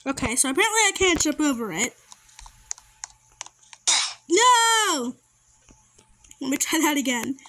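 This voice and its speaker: High-voiced excitable woman gamer. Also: fast, hardly any pauses, a little hiss or hum. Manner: chatty and excitable, easily startled. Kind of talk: casual gameplay commentary.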